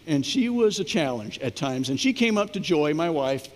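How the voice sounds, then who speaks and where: Middle aged pastor guy preaching, fairly high voice, does little voices for ppl in his stories, long church echo. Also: lively intonation, brisk, few pauses. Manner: storytelling, acts out quoted voices. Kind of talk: sermon.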